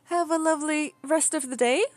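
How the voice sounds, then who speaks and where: A woman's voice: high voice, brisk, dry recording. A woman whose first language is Swedish, chatting casually while streaming a game, giggling often and rambling with repeated words. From Sweden.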